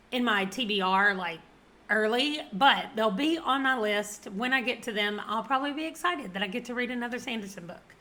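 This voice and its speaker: A woman's voice: on the high side, pushed and bright. A woman in her forties with a Southern American accent, chatting casually about books she has read and laughing often. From Southern United States. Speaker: book vlogger. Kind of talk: casual book review chat.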